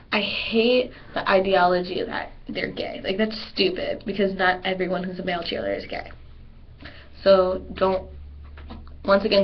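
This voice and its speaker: A teenage girl who is a cheerleader, talking casually to her webcam in a rambling way, repeating herself and acting out what other people say. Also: mid-range voice. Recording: dull lo-fi webcam audio.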